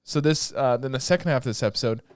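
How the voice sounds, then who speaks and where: A young man co-hosting a podcast, recapping anime in a rambling, excitable way with lots of filler words and swearing. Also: mid-range voice, fast, smooth, no room sound, studio quality. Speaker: podcast co-host. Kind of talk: casual chat recapping anime episodes.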